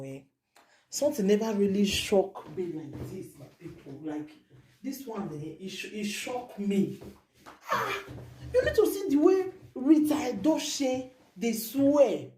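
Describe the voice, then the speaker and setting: A woman's voice: medium pitch, mellow. A woman vlogger with a Nigerian Pidgin accent, giving emotional commentary with repeated exclamations and indignant questions.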